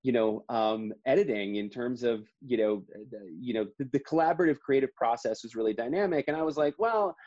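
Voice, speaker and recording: A man's voice: medium pitch, fairly quick, hardly any pauses, warm tone. Chatty guy telling a story in an interview, lots of restarts, kinda muffled lo-fi sound. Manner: chatty, many restarts and acted-out quotes. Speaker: comic book co-author. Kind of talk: casual interview conversation.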